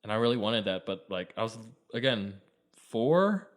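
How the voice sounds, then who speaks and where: A man's voice: lowish voice, big pitch swings, moderate pace. A young adult man co-hosting a casual podcast, laughing often and joking at his own expense while recalling childhood mischief. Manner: laughing, self-mocking. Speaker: podcast co-host. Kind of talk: casual chat.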